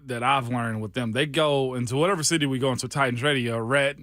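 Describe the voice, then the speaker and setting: A man's voice: medium pitch, fast talker, a bit bright, no echo. A man co-hosting a sports radio show, laid-back and chatty in casual studio banter.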